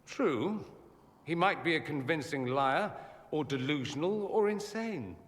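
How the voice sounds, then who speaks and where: A man's voice: a little high, expressive, unhurried, a bit bright. An actor playing a witty, flamboyant male mage companion in a video game, with wry, theatrical banter. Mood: musing. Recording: game audio with long reverb.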